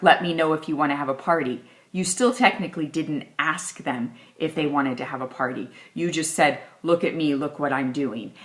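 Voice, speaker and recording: A woman's voice: low-pitched, a bit bright. A woman leading a sales training session, talking in a direct, upbeat coaching manner. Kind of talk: training video talk.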